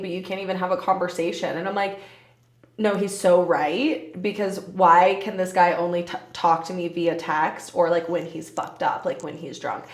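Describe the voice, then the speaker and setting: A woman's voice: mid-range voice, reverberant. A young woman in her twenties hosting a casual solo podcast, candid and swearing freely, often breaking into laughter. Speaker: podcast host.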